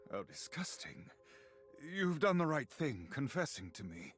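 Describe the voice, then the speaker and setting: A smug, sanctimonious friar. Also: male voice, a little high, fairly bright tone, exaggerated voice. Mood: leering. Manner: formal, drawn-out, sanctimonious delivery. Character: pious, smug male friar hearing confessions, secretly relishing sin. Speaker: friar confessor in a dating game. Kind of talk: video game voice acting.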